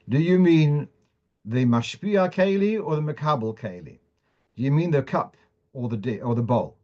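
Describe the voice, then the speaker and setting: Here the rabbi leading a weekly Torah class has a slightly high, darkish voice. He reads Hebrew and Aramaic sources aloud during his lecture on Torah law, then explains them in English with frequent restarts, all captured in dull, lo-fi audio.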